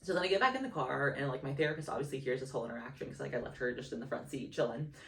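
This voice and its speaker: A young woman hosting a podcast, telling a personal travel story in casual chat, full of "like" and bursts of high excitement. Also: rapid-fire, gravelly, distant mic. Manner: chatty, lots of "like", squeals high for quoted excitement. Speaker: podcast host. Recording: roomy sound from off the mic.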